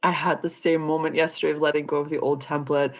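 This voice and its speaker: A woman hosting a live stream as a spiritual coach, telling a story in an animated, giggly way and answering viewer comments. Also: deep voice, quick pace. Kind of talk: casual live-stream chat.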